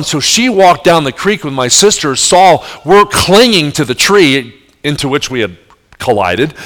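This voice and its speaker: On the high side and a bit bright, an adult man's voice carries a sermon. He narrates vividly, voicing the characters he quotes, and turns to the audience with direct questions.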